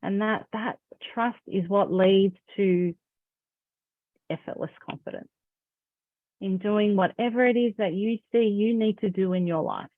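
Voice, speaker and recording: A woman's voice: medium pitch, steady tone, measured pace, few pauses, no echo. Woman coach, upbeat and emphatic, pushing you to act, tinny call audio. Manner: encouraging, emphatic. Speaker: confidence coach. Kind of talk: motivational talk. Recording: phone-like narrow sound.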